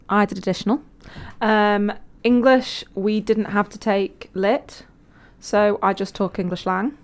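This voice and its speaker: A woman's voice: mid-range voice, vocal fry, a bit bright. A young woman with a Manx accent, co-hosting a casual chat podcast, teasing her co-host and laughing often. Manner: teasing, laughs often, asks probing questions.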